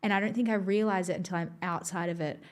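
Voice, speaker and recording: A woman's voice: lowish voice, steady tone, quick pace. A young woman who performs in musical theatre, a podcast guest who talks in a chatty, self-deprecating way and laughs easily. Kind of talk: casual podcast chat.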